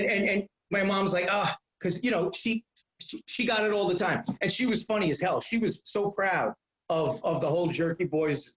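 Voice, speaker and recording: A middle-aged man telling stories on a podcast, animated and profane, repeating phrases as he goes. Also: sits high, echoey room, poor audio. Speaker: guest, comedian. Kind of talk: casual storytelling.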